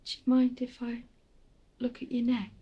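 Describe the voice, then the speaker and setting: An actress playing a grieving middle-aged mother, speaking softly and haltingly, often dropping to a whisper. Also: a little high, completely flat delivery, husky, highs cut off. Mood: hushed, tender. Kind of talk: film drama monologue.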